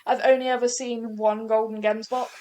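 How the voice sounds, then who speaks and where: A young woman talks through her hunting game in a loose, chatty way. She rambles, trips over words and restarts her sentences. Her voice sits a little high for a woman. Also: flat delivery, normal speed, heavy background noise. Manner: chatty, rambling, self-correcting. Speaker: gaming channel host. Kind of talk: casual gameplay commentary.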